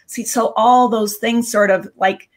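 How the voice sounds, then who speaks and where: A woman's voice: a little high, fairly even intonation, a little slow. Chatty woman host. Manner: enthusiastic, chatty, reads viewer questions. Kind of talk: casual live video Q&A.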